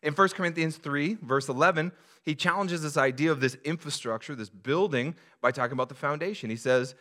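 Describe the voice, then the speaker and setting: Bright-voiced man preaching a sermon. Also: a little high, a little fast. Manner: conversational preaching with repeated restarts; rhetorical questions to the congregation. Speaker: pastor.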